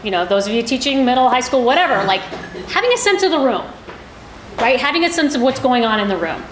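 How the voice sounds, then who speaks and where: A woman's voice: high voice, fast. A woman coaching a student conductor at a band rehearsal, asking him questions and explaining to the group. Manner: lively, asks the conductor questions. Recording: echoey room with clear background noise.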